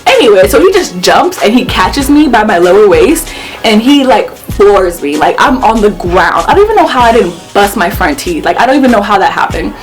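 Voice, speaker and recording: A young woman telling a story on her vlog, animated and swearing as she acts out the quotes. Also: mid-range voice, a little fast, faint music behind. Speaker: vlogger.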